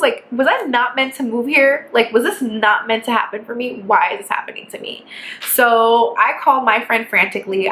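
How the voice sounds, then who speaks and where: A young woman telling a casual storytime vlog, animated and profane, exasperated as she recounts her ordeal. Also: on the high side. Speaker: vlogger. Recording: echoey room with faint background hiss.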